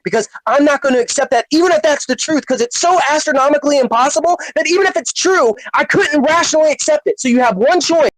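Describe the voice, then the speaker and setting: A woman's voice: high voice, fast, few pauses, dry recording, rough recording. A woman in a heated voice-chat argument, furious and berating, cursing often. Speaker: Discord server member.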